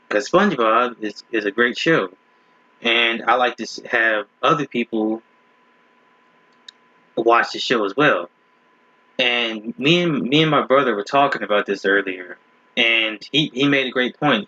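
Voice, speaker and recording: In a slightly muffled home recording with no echo, a man hosts a casual reaction video, laughing at clips and rambling while often restarting his sentences. His voice is mid-range, pushed and bright.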